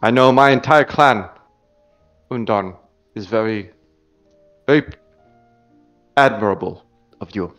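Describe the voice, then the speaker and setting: A man voicing a sly, smooth male clan noble relaxing in a spa, speaking softly and courteously over faint music. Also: on the low side, takes it slowly, long pauses.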